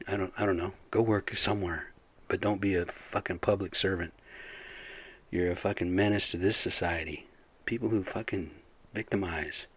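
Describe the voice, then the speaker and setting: A man's voice: lowish voice, husky. A middle-aged man ranting casually, angry and profane, rambling with lots of fillers. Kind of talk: casual rant.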